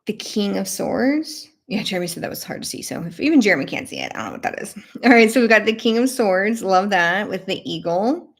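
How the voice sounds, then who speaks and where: A bubbly young woman hosts a live tarot deck flip-through. She coos over cute cards and chats back to her viewers, with a little vocal fry at the ends of her phrases. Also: mid-range voice, big pitch swings, brisk, few pauses. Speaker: tarot channel host.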